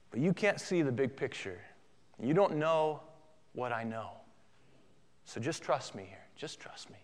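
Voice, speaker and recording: A calm, reassuring divine teacher who speaks softly and earnestly, as a preacher puts him on. The voice is a touch high and trails into a long hall reverb. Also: male voice, lightly acted. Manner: soft and pleading.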